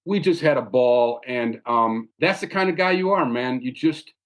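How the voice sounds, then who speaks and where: A man hosting a podcast, telling a story in an animated, casual way and often tacking "man" onto his sentences. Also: medium pitch, normal speed. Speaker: podcast host.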